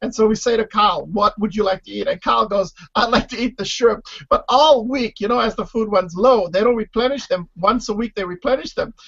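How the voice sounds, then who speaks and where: A man, a former reality show contestant, telling house stories in a casual podcast interview, animated and loud when mimicking others. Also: high voice, brisk, creaky, few pauses, husky. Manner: animated storyteller, shouts when imitating others. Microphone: online call. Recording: lo-fi online call audio.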